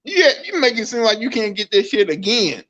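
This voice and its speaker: A man's voice: high-pitched, sing-song, a little fast, fairly bright tone. A man co-hosting a casual commentary chat, joking and mocking. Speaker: co-host. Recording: dull lo-fi audio.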